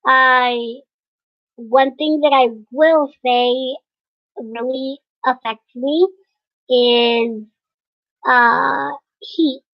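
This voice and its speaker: A young woman vlogging casually to camera, hesitant and pausing often with fillers. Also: high-pitched, steady tone, no echo. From United States. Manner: hesitant, many fillers and pauses. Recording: dry, dull lo-fi sound.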